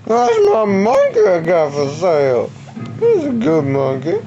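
A man voicing a pushy old grandma trying to sell a monkey, in a screechy, high voice. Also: wildly swooping pitch, measured pace, music in the background, heavily acted. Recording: dull lo-fi home recording.

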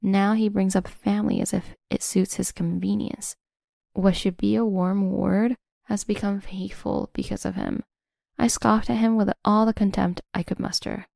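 A woman in scripted first-person narration of a revenge story, smug and measured. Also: mid-range voice, steady tone, creaky, darkish tone, dry recording, clean studio sound.

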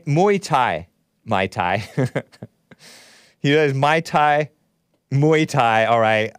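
A man's voice: mid-range voice, dry recording. Rambling male livestream host, dry sound. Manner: rambling, laughs often, talks back to chat. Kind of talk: casual livestream commentary.

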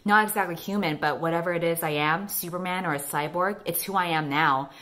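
A woman's voice: lowish voice, a little fast, fairly bright tone, close to an everyday voice. A woman reading the lines of an earnest young cyborg man who is part dog, in a sincere, pleading way.

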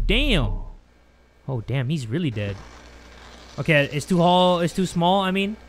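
A man giving loud, jumpy commentary on a horror game, swearing and joking through his fear. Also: high voice, sing-song, measured pace, pauses often, a little hiss or hum. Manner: jumpy, swears a lot, yells at monsters then jokes. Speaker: gaming YouTuber.

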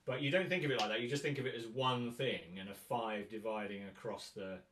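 A man's voice: on the low side, a little fast, a bit bright, slight background noise. A man teaching a guitar masterclass in a chatty way, often counting and singing rhythms aloud. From England. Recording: roomy sound, mic at a distance.

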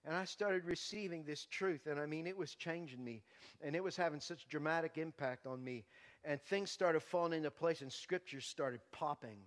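A male pastor giving his testimony as a sermon, passionate, moving from hushed to loud preaching. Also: fairly high pitch, moderate pace, big-room sound.

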